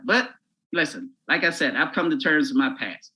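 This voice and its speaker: A man, a comedian, telling a crude, animated story while chatting as a podcast guest. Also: a little high, normal speed, rough recording.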